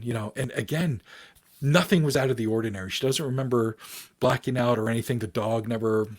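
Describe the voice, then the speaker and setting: This guest, a man who researches the paranormal, speaks briskly at a medium pitch. He spins a story in relaxed conversation, animatedly performing the voices of the people involved.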